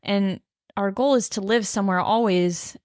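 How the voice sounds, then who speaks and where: A woman's voice: medium pitch, moderate pace, a little mellow, no room sound, clean studio sound. A woman co-hosting a podcast in casual chat, agreeable, often finishing her partner's sentences. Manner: agreeable, chimes in to finish the other host's sentences. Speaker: podcast co-host.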